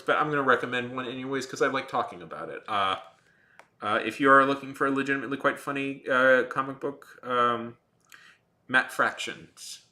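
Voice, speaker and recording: A man chatting to his stream viewers as he draws, wandering from thought to thought with plenty of "like" and "um". His voice sits at an ordinary pitch but sounds very bright, and his jokes come out dry and sarcastic. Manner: rambling, filler-heavy, dryly sarcastic. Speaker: artist livestreaming while drawing. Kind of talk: casual livestream chat to viewers.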